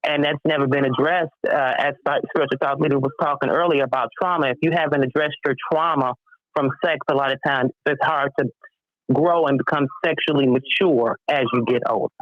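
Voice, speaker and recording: Caller: middle-aged woman, Chicago accent, frank and halting, dry sound. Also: rumbling low, steady tone, dry recording. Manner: frank, thoughtful, halting with fillers. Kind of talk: casual chat. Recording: muffled phone line.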